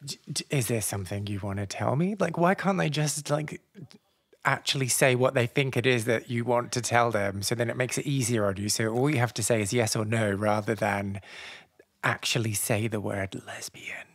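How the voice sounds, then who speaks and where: Podcast host, gravelly voice, relaxed, dry close sound. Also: mid-range voice, normal speed, no room sound. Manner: relaxed, laughs along, asks follow-up questions. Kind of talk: casual interview.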